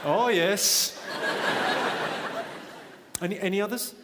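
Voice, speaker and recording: Man, stand-up comedian, deadpan, teasing the crowd, fairly high voice, big echoey hall, loud laughter. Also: slow pace, very noisy. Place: large concert auditorium. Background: audience laughter.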